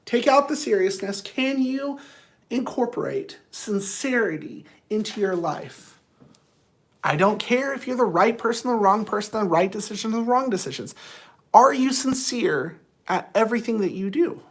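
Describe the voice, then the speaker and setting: A man's voice: high voice, animated, normal speed. A man who counsels people, talking straight to viewers in a casual, rambling motivational monologue, earnest and blunt.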